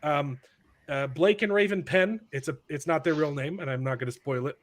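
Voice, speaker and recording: A man's voice: on the high side, a little fast, a little hiss or hum. A man hosting a podcast in casual chat, rambling and repeating words as he starts his sentences. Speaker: podcast host.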